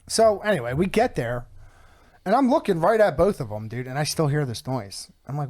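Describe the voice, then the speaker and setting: Man, podcast host, casual story, cursing, fillers, slightly high voice, dry close sound. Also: fairly quick, no room sound. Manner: animated, profane, many fillers.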